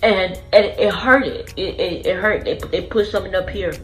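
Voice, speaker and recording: A woman vlogger with a mid-range, slightly bright voice speaks at a normal speed over soft background music, and the audio is poor. Earnest and emotional, she recounts her personal story to camera, repeating phrases as she remembers.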